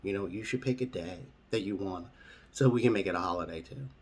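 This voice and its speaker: A man's voice: sits low, a little fast, slightly rough, voice pushed down. A man voicing earnest space aliens who speak in a matter-of-fact way.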